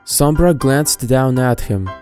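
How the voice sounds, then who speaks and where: Very deep, dark-voiced woman narrator. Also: expressive, takes it slowly. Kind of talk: storybook narration of fan fiction. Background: faint background music.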